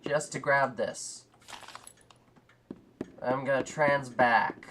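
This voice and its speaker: A man's voice: very slow, fairly bright tone, slight background noise. Rambly young man with nasal voice. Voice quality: high nasal nerdy voice, compared to a cartoon sponge. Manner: rambly, jokey, self-deprecating. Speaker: gaming commentator. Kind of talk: casual let's-play commentary.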